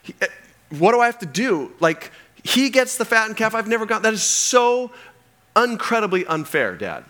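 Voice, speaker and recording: A man acting out an indignant grown son who whines loudly and quickly that he has been treated unfairly. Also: very animated, full character voice. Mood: indignant whining. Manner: shrill, complaining, rapid.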